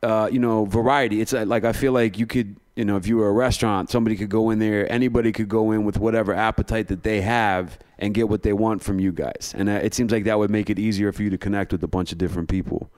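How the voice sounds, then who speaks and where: Male podcast host, low voice, jokey, profane. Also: steady tone, fast talker, few pauses, a little mellow. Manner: loose, joking, swears freely. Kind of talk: casual podcast chat.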